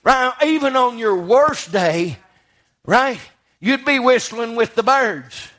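A man's voice: very high voice, lively intonation, takes it slowly, a bit bright. A man preaching a sermon in a church, rising to fervent passages and putting questions to his congregation.

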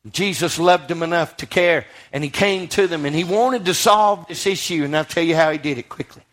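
A man's voice: fairly high pitch, brisk, fairly bright tone. A man preaching a sermon in a church, rising to fervent passages and putting questions to his congregation.

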